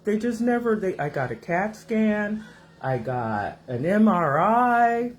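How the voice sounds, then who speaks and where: A woman's voice: medium pitch, slow, a little hiss or hum. Woman host just chatting from her kitchen, voice swoops up and down a lot, takes her time. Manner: animated, rambling, acts out voices in her stories. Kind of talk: casual storytelling to viewers. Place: home kitchen.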